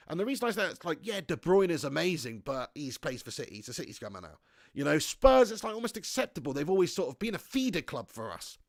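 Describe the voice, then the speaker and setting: A man hosting a live fan stream, chatting excitably and reading out viewer comments. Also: high voice, no echo. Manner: excitable, chatty, often laughing. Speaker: fan channel host.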